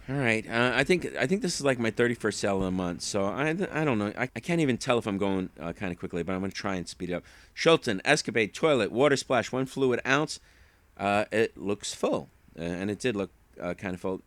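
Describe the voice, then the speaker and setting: An online reseller with a lowish, slightly bright voice chats casually, rambling through stories. He acts out what people said as he goes.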